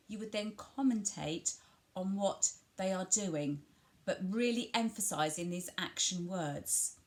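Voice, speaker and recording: English woman doing an early talk lesson at home, calm and reassuring, stretches out the words she models. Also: medium pitch. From England. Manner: slow, exaggerated emphasis on key words as she models them; gentle, reassuring instructions to parents. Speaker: family centre early language practitioner. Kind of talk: home activity video lesson for parents.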